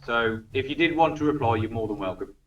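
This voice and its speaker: A man's voice: medium pitch, fast talker, a bit bright, soft background music. A man narrating as dungeon master, chatty and casual, swearing freely. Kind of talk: narrating a tabletop game, casual. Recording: distant roomy lo-fi recording.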